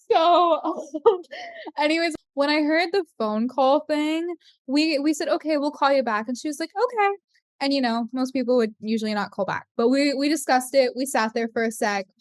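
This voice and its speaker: Animated high-voiced woman hosting a podcast. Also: moderate pace, no room sound, clean studio sound. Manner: animated, acts out quoted voices with big pitch jumps. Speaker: podcast host. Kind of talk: casual storytelling chat.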